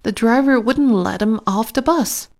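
A woman's voice: a little high, unhurried, darkish tone, pitched above the performer's own voice. A woman voicing a gossipy schoolgirl in a storybook reading. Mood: teasing.

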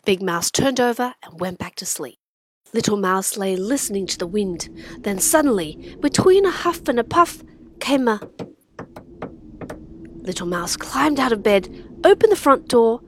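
A woman hosting and narrating a children's radio drama, animated and dropping to whispers for suspense. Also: a little high, a little slow, a little hiss or hum. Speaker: narrator and host. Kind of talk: expressive children's story narration.

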